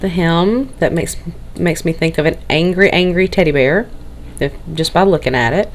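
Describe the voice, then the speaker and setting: A woman with a Southern drawl narrates a casual game walkthrough, her voice sitting a little low. She sounds tired and nervous, rambling and tripping over her words as she goes. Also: moderate pace, a little hiss or hum. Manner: rambling, tongue-tied, nervous. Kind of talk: casual screen-recorded walkthrough.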